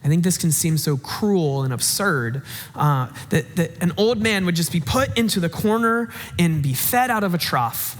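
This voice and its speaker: A young man with a notably high voice preaches in a relaxed, conversational way, full of fillers and restarts. His words ring out with a long reverb tail from the church hall. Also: normal speed. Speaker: pastor. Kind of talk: sermon. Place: church sanctuary.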